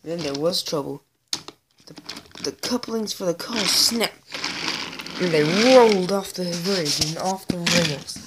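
A woman narrates a homemade story casually, slowly and in a lowish voice, adding playful asides. There is clear noise behind her. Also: animated.

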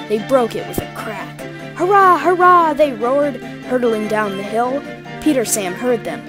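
A woman narrating a children's storybook, expressive and voicing the characters. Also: medium pitch.

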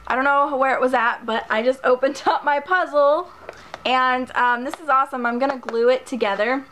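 A woman's voice: high voice, fairly even intonation, normal speed, a bit bright. Woman, casual unboxing chat, gushing and thankful, slightly out of breath, faint background hiss. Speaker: beauty vlogger.

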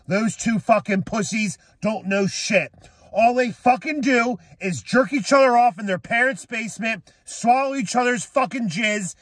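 A young man ranting angrily as a sports fan, swearing and shouting at critics. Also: high voice, no room sound. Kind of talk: profane rant to camera.

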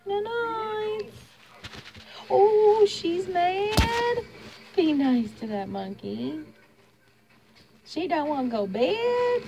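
A woman in her home speaks in soft, sing-song baby talk to her pet monkey. Her voice sits very high and drawls along slowly, with a gravelly fry under the coos. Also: animated, soft background music.

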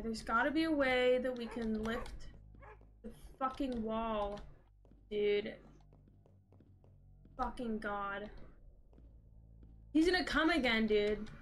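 A young woman streaming a horror game, reacting with panicked, profane exclamations. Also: high-pitched. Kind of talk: live horror game commentary.

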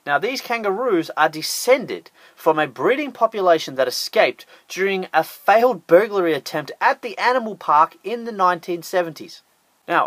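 A man's voice: fairly high pitch, a bit bright, no room sound. An Australian man narrating a scripted top-ten list with sarcastic, jokey asides.

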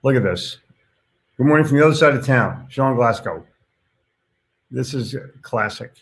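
A man's voice: mid-range voice, animated, normal speed. Blunt, chatty male host. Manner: blunt, with casual swearing; reads comments aloud and reacts to them. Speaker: host reading viewer comments. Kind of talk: casual live-stream chat.

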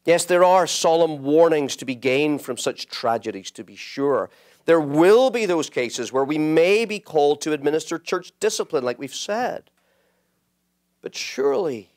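A man's voice: high-pitched, lively intonation, normal speed, darkish tone. A man preaching a sermon, emphatic and building to impassioned peaks.

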